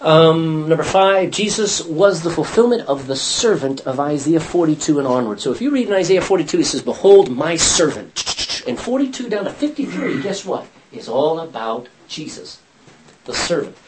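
A man teaches a Bible study group, reading passages aloud and stopping to put questions to his students. His voice sits a little high and moves lively up and down. A faint hiss runs underneath. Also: moderate pace, low-quality recording. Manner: lively, questions the class, reads scripture aloud.

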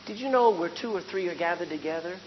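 A male preacher delivering a lively, conversational sermon that swings between loud emphasis and hushed tones. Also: high voice, quick pace. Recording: dull, echoey hall with faint hum.

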